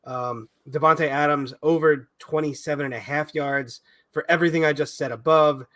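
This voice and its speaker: A man's voice: a little high, steady tone, moderate pace, a bit bright. A man co-hosting a sports betting podcast, joking loosely, laughing and swearing as he talks. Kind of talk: casual sports betting chat.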